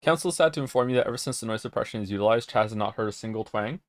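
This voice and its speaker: This young man talks very fast in a voice on the low side while streaming, chatting casually with viewers. Rambling and reading their messages aloud, he gets flustered at times, in a dry, studio-quality recording.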